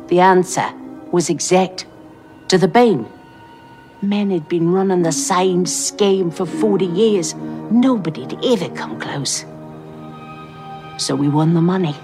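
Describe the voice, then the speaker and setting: A woman's voice: lowish voice, a little mellow. An actress playing a grim woman recounting a cursed tragedy in a put-on Australian accent with Cockney touches and harsh, hard-hitting sounds. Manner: harsh consonants and vowels, brisk storytelling. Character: grim woman telling a cursed tragic tale.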